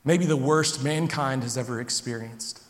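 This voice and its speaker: A man preaching a sermon, telling the story dramatically, sinking low and slow, then building loud. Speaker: pastor. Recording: long hall reverb.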